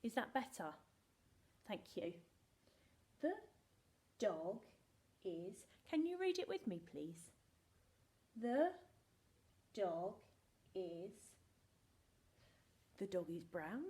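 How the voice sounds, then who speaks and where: In a recorded phonics lesson for young children, a primary school teacher sounds out words letter by letter, playfully pretending she needs their help. Her medium-pitched voice is sing-song and a little mellow, moving slowly with frequent pauses.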